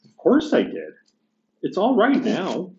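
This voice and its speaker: A calm, patient male spirit speaks in measured tones, as a man reading aloud gives him voice. The voice sits slightly high. The sound is dull and lo-fi, with a roomy echo. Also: exaggerated voice. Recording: echoey room, dull lo-fi sound.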